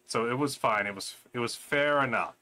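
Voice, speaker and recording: A man's voice: mid-range voice, normal speed. A man casually commenting on a game he just finished, rambling and self-mocking, with a sarcastic streak. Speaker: gameplay commentator. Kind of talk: casual let's-play commentary. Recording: loud guitar music behind.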